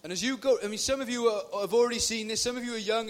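A man in his forties giving an informal, lively youth sermon into a PA microphone in a meeting hall, sometimes breaking into shouts. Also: very high voice, fast, hardly any pauses. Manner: chatty, lively, bursts into shouting. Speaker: youth speaker.

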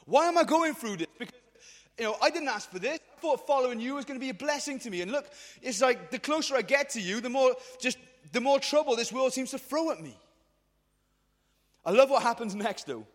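Fast, high-voiced young man preaching. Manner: energetic and slangy, acting out quoted voices. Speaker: youth speaker. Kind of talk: casual retelling of a Bible story to a group. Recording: reverberant hall.

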